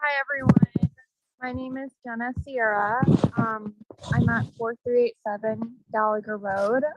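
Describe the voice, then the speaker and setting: A woman giving public comment over a video call, earnest and hesitant, with many pauses and ums. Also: fairly high pitch, fairly even intonation, no echo, dull audio.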